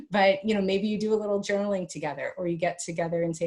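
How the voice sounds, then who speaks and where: A middle-aged woman speaking as an expert guest in an interview, giving parenting advice in an animated way and acting out family dialogues. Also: fast. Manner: animated, acts out family dialogues with big pitch jumps. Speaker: guest expert on teen mental health.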